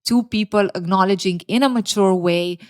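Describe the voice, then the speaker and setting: A woman's voice: medium pitch, normal speed. Blunt, opinionated woman reviewer. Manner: blunt, opinionated, openly emotional. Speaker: reality show reviewer. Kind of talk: casual recap commentary.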